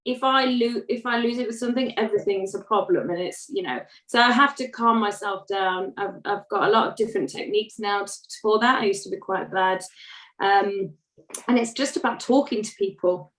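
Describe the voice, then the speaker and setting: A woman's voice: mid-range voice, fairly quick, a bit bright. Chatty woman, distant, roomy sound. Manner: chatty, laughing, self-deprecating. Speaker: singer, interview guest. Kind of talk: casual interview chat.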